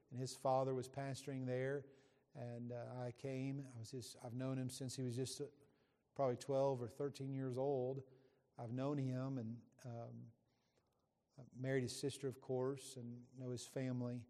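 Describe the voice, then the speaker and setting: A man's voice: mid-range voice, flat delivery, moderate pace, mellow. Middle-aged guy preaching, folksy and jokey, long church reverb. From West Virginia, USA. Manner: folksy, joking, addresses the congregation. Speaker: visiting preacher. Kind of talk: sermon introduction from the pulpit. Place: church sanctuary.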